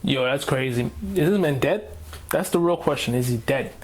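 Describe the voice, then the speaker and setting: A man's voice: mid-range voice, moderate pace. A man hosting a reaction video, ranting casually in slang and repeating himself as he talks.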